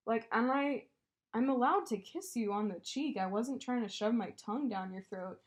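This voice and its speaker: A woman co-hosting a casual podcast chat, telling an animated breakup story and swearing freely. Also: a little high, moderate pace. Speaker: podcast co-host.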